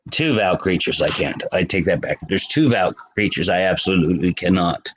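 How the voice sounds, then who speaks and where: A man's voice: deep voice, normal speed, a little hiss or hum, poor audio. A man hosting a casual livestream, chatting with viewers by name and laughing often. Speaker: livestream host.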